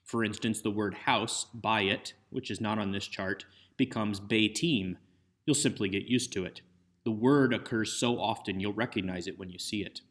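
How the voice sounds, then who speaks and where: A man's voice: lowish voice, normal speed, a bit bright. A man giving a recorded lecture on Hebrew grammar over slides, explaining methodically step by step. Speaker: Hebrew instructor.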